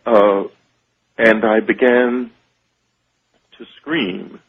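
A man telling a radio host about a personal experience, halting and searching for words. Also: lowish voice, steady tone, a little hiss or hum. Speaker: radio show guest. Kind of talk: phone-in interview, personal account. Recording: tinny phone line on radio.

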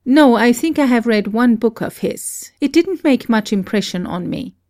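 A woman reading the dialogue of a reserved, earnest English male novelist in a polite, measured way. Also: a little high, expressive, darkish tone, no room sound, studio quality, close to an everyday voice.

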